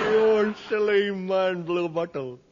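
A man playing a silly, excitable character who giggles and squeals, in 1950s-style radio comedy acting. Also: high voice, in a large hall, heavily acted. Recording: hissy lo-fi old radio broadcast.

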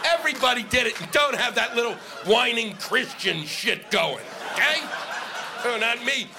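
A man's voice: very high-pitched, animated, normal speed, vocal fry, a crowd in the background, noisy background. A middle-aged man doing a stand-up comedy set on stage, ranting and exasperated, swearing often. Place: stage before an audience.

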